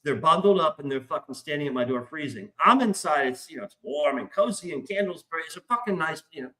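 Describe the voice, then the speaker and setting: Middle-aged male podcast host, raised pitch, excitable, profane, chatty storyteller. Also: fairly quick. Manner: excitable, heavy swearing. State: stressed, hyped up. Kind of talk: casual storytelling.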